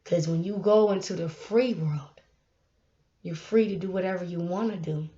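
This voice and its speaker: A young woman, giving a casual motivational talk to her camera, animated and laughing, with sudden loud bursts. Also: lowish voice, normal speed. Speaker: YouTube vlogger. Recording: dull lo-fi sound.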